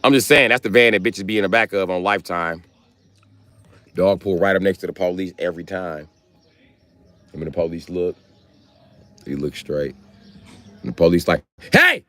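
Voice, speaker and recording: A man hosting a livestream, telling profane comic stories in a loose, animated way into a close mic. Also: low voice, normal speed, pauses often. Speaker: livestream host. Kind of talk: casual comedic rant.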